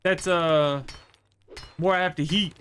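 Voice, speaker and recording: A man's voice: high voice, steady tone, slow pace, fairly bright tone, slight background noise. A man livestreaming a game, chatting casually and rambling through a story with many fillers. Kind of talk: casual chat while gaming.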